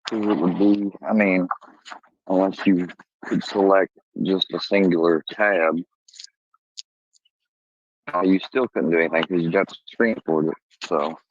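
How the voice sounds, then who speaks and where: A man's voice: low-pitched, steady tone, measured pace, long pauses, no echo. A man talks in a rambling, loose way on his livestream. He sounds like he is at home. The audio is a little dull and lo-fi. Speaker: livestream host. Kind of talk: casual livestream chat. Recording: slightly dull lo-fi stream audio.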